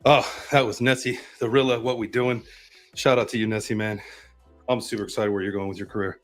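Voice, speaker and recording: A man hosting a casual live-stream chat, talking quickly and upbeat with plenty of loose fillers and restarts. His voice sits on the low side. Faint music plays underneath. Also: little pitch movement. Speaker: host.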